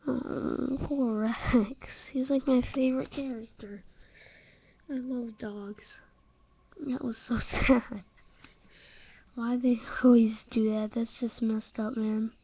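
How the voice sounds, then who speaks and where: A young woman talks through a horror game at an unhurried pace, her voice sitting a little high. She is excitable and jumpy, laughing off her own scares. The slightly dull, lo-fi mic gives it a home-recorded sound. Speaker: let's-play gamer.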